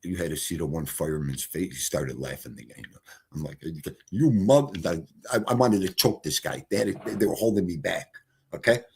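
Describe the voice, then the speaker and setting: A middle-aged man telling stories casually on a livestream, animated, swinging from loud exclamations to quiet mutters. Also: a bass voice, brisk, gravelly, slight background noise. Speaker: streamer.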